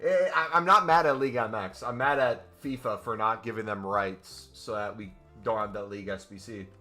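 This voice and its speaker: A male streamer chatting during a live game stream on his microphone, excitable and joking. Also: on the low side, normal speed, soft background music. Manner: excitable and joking, with whoops and laughs.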